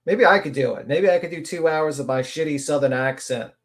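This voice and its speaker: A woman's voice: deep voice, fairly quick. A woman hosting a livestream, giving brash, sarcastic, profane commentary over a clip. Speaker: livestream host.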